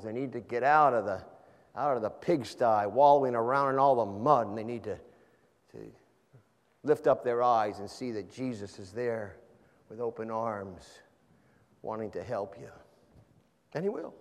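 A man preaching a sermon, swinging from loud emphatic lines to soft low asides and stressing key words slowly. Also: animated, long reverb tail. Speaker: pastor.

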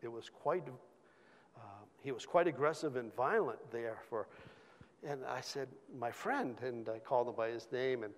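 A man at a church gathering tells a story from his own life as an informal sermon. His voice sits at a middle pitch and he trips over restarts and fillers as he goes. The sound rings with the long reverb of a big hall. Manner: halting, many repeated words and fillers. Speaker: church speaker sharing a testimony.

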